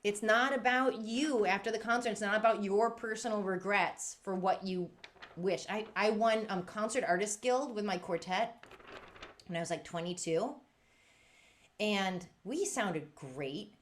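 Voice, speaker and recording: Animated woman giving a teaching talk. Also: a little slow. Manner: lively, emphatic, acts out quotes with big pitch jumps. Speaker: violin teacher and presenter.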